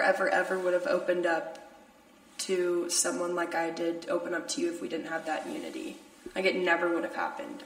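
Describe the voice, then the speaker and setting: Laughing often and full of fillers, a young podcast host keeps the chat casual. She has a fairly low, fairly bright voice, picked up distantly from the mic in an echoey room.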